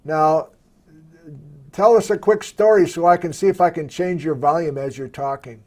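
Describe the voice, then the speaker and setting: A man hosting a live question-and-answer stream from his desktop computer, chatting casually and thinking aloud as he works the software. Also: fairly high pitch, normal speed.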